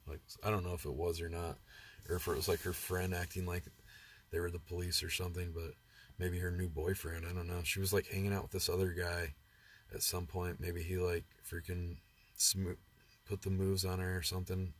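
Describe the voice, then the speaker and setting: Husky low-voiced American man rambling. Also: little pitch movement, a little fast. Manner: rambling, crude, laughs at his own stories. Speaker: vlogger. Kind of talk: casual livestream storytelling.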